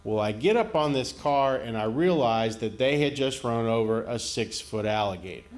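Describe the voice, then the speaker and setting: A man from rural Florida, telling stand-up stories in a folksy, unhurried way and laughing into his punchlines. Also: mid-range voice, animated. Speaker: stand-up comedian. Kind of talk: stand-up comedy storytelling. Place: comedy stage before a live audience. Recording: live show with audience noise.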